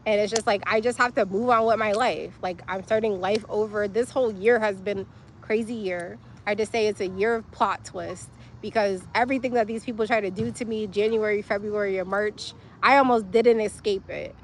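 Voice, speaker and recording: A woman's voice: medium pitch, fairly even intonation, normal speed, a little hiss or hum. Angry young woman venting, profane. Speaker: livestream host. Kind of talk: emotional personal vlog.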